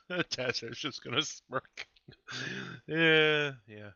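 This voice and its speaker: A man's voice: mid-range voice, drawn-out words, creaky, pushed and bright, dry recording, highs cut off. A man playing a tabletop game, chatting easily and agreeing with the others. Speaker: player. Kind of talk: casual tabletop game chat.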